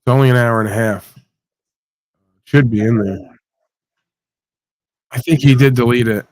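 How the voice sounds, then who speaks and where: A man's voice: mid-range voice, unhurried. A man hosting a livestream, ranting casually with blunt, sweary sarcasm. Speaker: livestream host.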